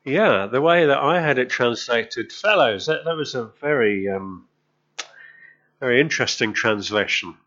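A man's voice: medium pitch, moderate pace, fairly bright tone, lo-fi sound. A male preacher telling a story in a sermon, chatting with the congregation and often asking them questions.

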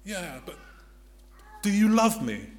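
A man voicing the risen Jesus, gentle and patient, asking softly and repeating himself. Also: high voice, lively intonation, a little fast, echoey room. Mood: searching.

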